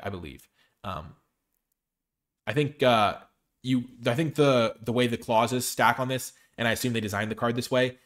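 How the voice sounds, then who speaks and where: A man's voice: medium pitch, fairly bright tone. A man reviewing game cards on his own, thinking aloud with frequent fillers and self-corrections. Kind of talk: casual solo review talk.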